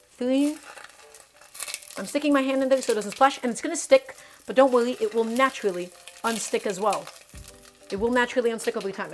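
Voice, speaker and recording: A woman hosts a live cooking stream in a slightly high voice, chatty and emphatic as she explains each step. A pan sizzles beside her while faint music plays underneath. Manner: emphatic, chatty, talks to chat.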